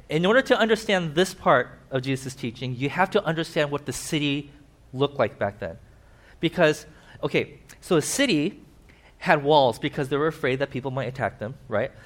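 A man giving a casual sermon with slides, animated, asking his listeners questions and acting out little voices. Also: a little high. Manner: animated, acts out voices, asks the audience questions. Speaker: preacher.

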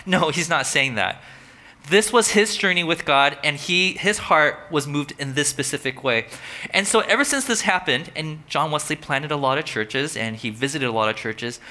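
A man preaching a sermon in a relaxed, conversational way, telling a story and lifting his voice when he quotes. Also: fairly high pitch. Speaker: pastor.

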